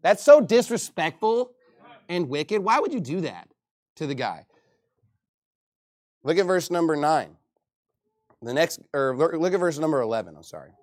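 A man's voice: fairly high pitch, very animated, normal speed, pauses often, dry recording. Fiery male pastor with a raised voice, mocking quoted people, preaching, dry close sound. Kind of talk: sermon.

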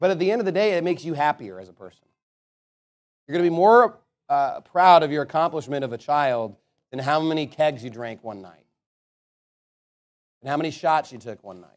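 A man preaching a sermon as a pastor, emphatic, swinging between loud declarations and quiet asides. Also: on the high side, animated, normal speed, pauses often.

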